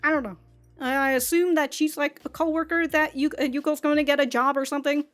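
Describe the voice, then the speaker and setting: A woman's voice: high voice, steady tone, fast, a bit bright, faint music behind. A woman hosting an anime reaction, chatting casually in a rambling, giggly way and tripping over her own restarts. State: running out of breath.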